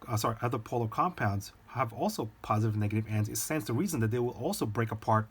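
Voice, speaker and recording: A man's voice: mid-range voice, lively intonation, fast talker, slightly rough. A man teaching a recorded lecture, talking informally and directly to his students, with light jokes.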